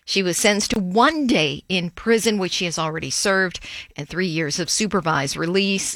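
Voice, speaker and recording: A woman anchoring a radio news bulletin, reading stories in a crisp, measured way. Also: mid-range voice, fairly bright tone, dry recording, studio quality.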